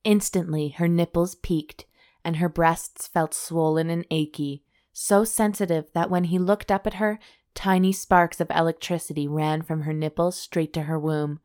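A woman's voice: low voice, steady tone, normal speed, a little mellow. A woman co-hosting a casual chat, reading passages of a romance novel aloud in a dry, teasing way.

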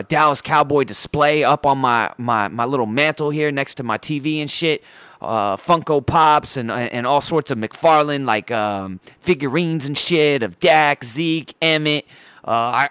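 A man with a somewhat high voice unloads a furious, cursing sports rant full of sarcasm. The sound is dry and close, with no room echo, as he vents from home in front of his TV. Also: bright, forceful tone. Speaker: sports fan ranting on his channel. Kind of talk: profane angry rant.

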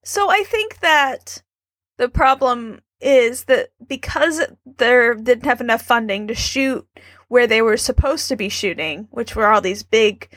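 Woman co-host, higher voice, dry sound, sarcastic and goofy in a casual movie chat. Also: expressive, unhurried, a bit bright, dry recording. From New York. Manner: goofy, sarcastic, laughs often. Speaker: podcast co-host.

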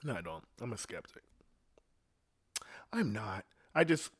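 A man's voice: on the low side, big pitch swings, a little slow, long pauses, husky. A middle-aged man ranting crudely in a casual rambling monologue, telling stories and quoting others in passing voices. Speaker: podcast host. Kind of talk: profane casual rant.

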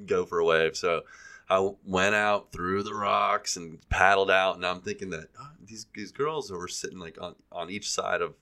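A man's voice: deep voice, moderate pace, sharp tone. A man in his forties telling a self-deprecating story in casual podcast chat, laughing often. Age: 40s. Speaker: podcast co-host.

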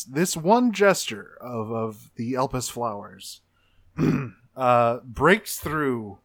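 A man's voice: mid-range voice, a bit bright, no echo, clean studio sound. A man co-hosting a podcast, retelling a story step by step in a casual chat and acting out character lines along the way. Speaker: podcast co-host. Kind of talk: casual game discussion.

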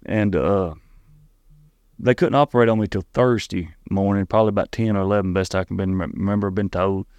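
A middle-aged man with a Southern Tennessee drawl and a fairly low voice tells a personal story as an interview guest. He speaks earnestly and haltingly, stopping to restart and repeat words. The sound is dry and close. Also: fairly even intonation, a little mellow, dry recording.

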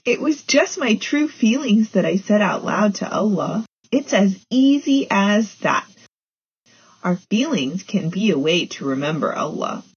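A woman's voice: mid-range voice, big pitch swings, measured pace, slightly rough, lo-fi sound, full character voice. A woman voicing a young female beaver who talks in an earnest, pleading way. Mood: gentle.

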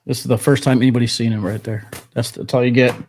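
A man's voice: medium pitch, fairly even intonation, fast talker, darkish tone, slight background noise. Chatty male podcast co-host on a video call, mid-range voice, easy and upbeat. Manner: chatty, hypes things up, laughs between lines. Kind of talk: casual chat. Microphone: remote video call.

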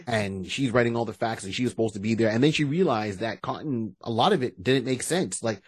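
A man co-hosting a podcast in casual chat, retelling stories in an animated way and acting out the scenes. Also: mid-range voice, a little fast, slightly rough, dry recording. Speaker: podcast co-host.

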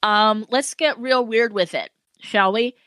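A woman's voice: a little high, unhurried, dry recording. A woman co-hosting a horror film podcast, talking casually with a teasing manner and frequent swearing. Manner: teasing, animated, swears freely. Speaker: podcast co-host. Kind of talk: casual chat.

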